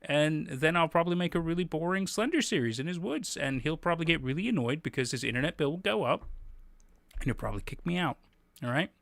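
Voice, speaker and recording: A man's voice: fairly high pitch, animated, quick pace, vocal fry, dry recording. A man hosting a livestream, chatting casually and animatedly, laughing often and swearing freely. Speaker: livestream host.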